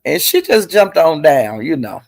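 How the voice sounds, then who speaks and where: A middle-aged woman telling gossip in a chatty, salty way, calling listeners honey and girl and jumping her pitch up high when she quotes people. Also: unhurried, gravelly, no room sound. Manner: animated, jumps her pitch up high when quoting others. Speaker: online commentator. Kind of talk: casual gossip storytelling.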